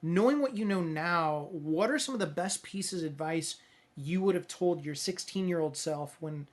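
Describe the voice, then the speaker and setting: A podcast host with a mid-pitched voice chats with a guest. The host affirms what the guest says, then asks long, winding questions with several parts. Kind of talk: interview questions and listening.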